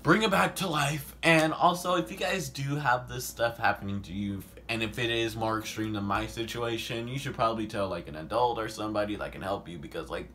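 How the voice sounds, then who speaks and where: Bright, animated young man telling a story. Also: on the low side, a little fast, hardly any pauses, a little hiss or hum. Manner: animated, swears often, heavy "like" filler, sudden loud outbursts. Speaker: vlogger. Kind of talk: casual storytime monologue.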